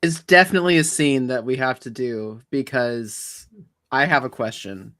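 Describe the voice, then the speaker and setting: A man playing in a tabletop game, narrating his character's actions slowly and haltingly. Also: medium pitch, bright, forceful tone, no room sound, clean studio sound. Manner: slow, halting narration with fillers. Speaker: player. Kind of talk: tabletop role-play.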